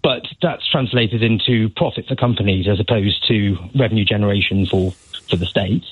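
A man's voice: fairly low pitch, moderate pace, breathy edge, no room sound. A man calling a radio phone-in, earnestly explaining an idea with many fillers, heard over a phone line. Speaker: caller. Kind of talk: phone-in call. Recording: dry tinny phone line.

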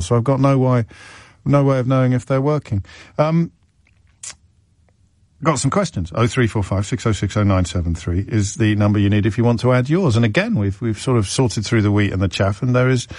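A man's voice: mid-range voice, no echo, studio quality. Chatty middle-aged male radio host. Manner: chatty, self-deprecating, lively, with stammering restarts. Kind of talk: radio phone-in chat. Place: radio studio. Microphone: studio microphone.

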